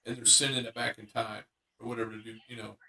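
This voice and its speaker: A man with a gravelly, creaky voice spins a long, rambling secondhand tale. He talks in a casual, conversational way, full of "uh" and "you know" as he goes. His pitch sits right in the middle for a man. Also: little pitch movement, quick pace, pushed and bright, a little hiss or hum. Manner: rambling secondhand storytelling with many fillers. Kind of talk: casual storytelling chat.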